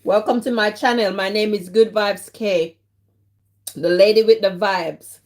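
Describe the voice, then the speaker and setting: Jamaican-British woman host, teasing and giggly, talks slowly into a phone on a casual live stream. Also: medium pitch, fairly even intonation, darkish tone. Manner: laughs often, teasing banter with chat. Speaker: livestream host. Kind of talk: casual live-stream chat with viewers while eating.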